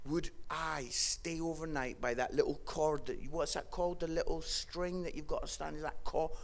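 Scottish man preaching with gravelly fry. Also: fairly high pitch, fairly even intonation, moderate pace. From Scotland. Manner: humorous storytelling, swings from hushed to shouting. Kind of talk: sermon.

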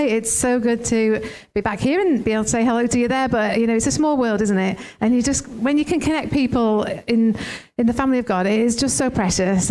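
A woman's voice: on the high side, darkish tone. A woman co-pastor chatting casually from the church platform, rambling and laughing easily.

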